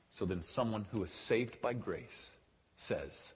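A man's voice: on the low side, lively intonation, moderate pace. Emphatic preaching man in a reverberant hall. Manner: emphatic, swings from loud preaching to quiet asides. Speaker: pastor. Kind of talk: sermon.

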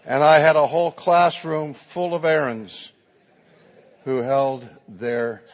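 A man's voice: on the high side, steady tone, takes it slowly, dull audio. A man preaching a sermon, telling a story in a dramatic, emphatic way. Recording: long hall reverb.

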